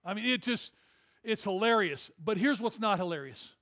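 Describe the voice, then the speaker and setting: A high-voiced male pastor, preaching to his congregation. He tells a story with jokes, then builds to emphatic, rising calls. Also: animated, moderate pace, a bit bright. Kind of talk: sermon.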